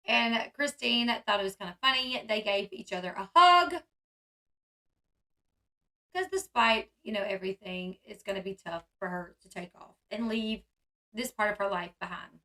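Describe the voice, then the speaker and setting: Here a woman vlogger speaks in a slightly high, sharp voice. Reacting to a reality show, she keeps things loose and chatty, leaning constantly on "like" and "um" as fillers.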